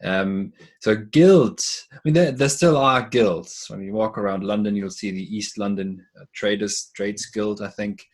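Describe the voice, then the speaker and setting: Husky low-voiced man explaining at length. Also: measured pace. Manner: thoughtful, restarts and repeats words while explaining. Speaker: podcast guest, philosopher. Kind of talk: casual conversation.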